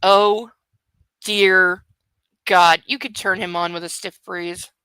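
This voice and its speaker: A woman reads a romance novel aloud and mocks it with sarcastic, deadpan asides. Her voice is bright and crisp. The sound is close and dry, with no room around it. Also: fairly low pitch, takes it slowly, no room sound, poor audio. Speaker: host of a comic book-reading show. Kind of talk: mocking commentary on a book.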